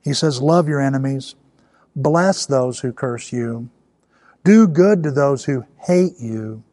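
A man's voice: medium pitch, animated, slow pace, mellow, no room sound, studio quality. A man preaching a sermon in a conversational way, building to emphatic peaks. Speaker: pastor.

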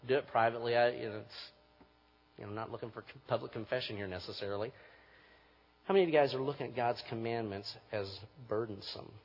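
A man preaching a sermon as pastor, moving from quiet reflection to forceful emphasis. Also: medium pitch, breathy edge. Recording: muffled recording with long hall reverb.

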